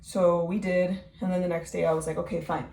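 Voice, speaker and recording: A young woman tells her own story in a loose, rambling way, leaning on "like" and "um". Her voice is on the low side with a gravelly edge. She sounds distant, in an echoey room with faint ambient noise. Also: flat delivery, a little fast, mellow. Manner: rambling, heavy use of "like" and "um". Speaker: vlogger. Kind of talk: personal testimony.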